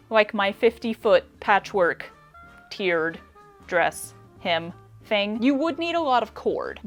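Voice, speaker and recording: Young woman w/ american twang chatting thru sewing tests at home, faint music under. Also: a little high. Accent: regional American. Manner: chatty and self-deprecating, thinking aloud while sewing. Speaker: sewing video host. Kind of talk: casual tutorial vlog.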